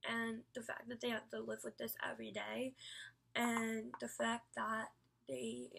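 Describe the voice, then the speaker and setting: Husky gravelly woman telling a rambling story. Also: a little high, measured pace, a bit bright. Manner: rambling and emphatic, many fillers, swears freely. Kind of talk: personal storytelling rant.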